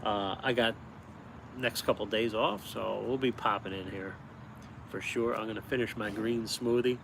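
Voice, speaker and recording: A man's voice: fairly low pitch, moderate pace, vocal fry, a little hiss or hum. A man from upstate New York chatting on a live stream, telling stories and often chuckling, recorded on a phone outdoors. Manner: animated storyteller, chuckles often. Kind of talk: casual live-stream chat. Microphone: phone held vertically.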